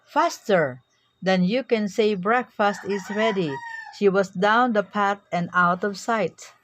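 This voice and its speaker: A woman narrating a storybook tale in a gentle, unhurried manner. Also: mid-range voice, slight background noise, low-quality recording.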